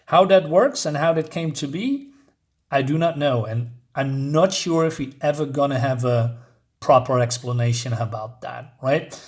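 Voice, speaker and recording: A man's voice: medium pitch, normal speed, darkish tone. A man casually reviewing a comic book issue, rambling and hesitant with lots of fillers.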